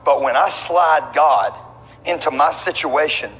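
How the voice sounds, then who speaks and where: A middle-aged man preaching a sermon as pastor, an animated storyteller who throws asides to the congregation. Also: fairly high pitch, a little slow. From Texas. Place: large church auditorium. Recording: long hall reverb with faint room noise.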